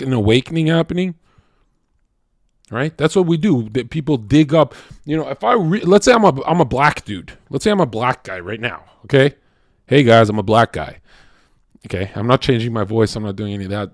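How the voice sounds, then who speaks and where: A man talking to his stream in a casual, animated and profane monologue, swinging between loud rants and quiet asides. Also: mid-range voice, no echo, studio quality.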